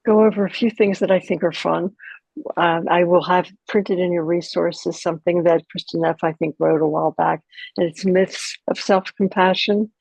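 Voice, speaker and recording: Gravelly older woman teaching gently. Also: lowish voice, steady tone, moderate pace, dry recording, rough recording. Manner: gentle, chatty, with frequent asides. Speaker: course instructor. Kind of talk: relaxed spoken teaching.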